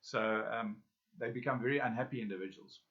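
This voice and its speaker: A man leading a self-help workshop, speaking straight to his listeners with questions and pauses. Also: mid-range voice, a bit bright. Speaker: workshop facilitator. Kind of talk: guided self-help lesson. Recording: dull lo-fi audio.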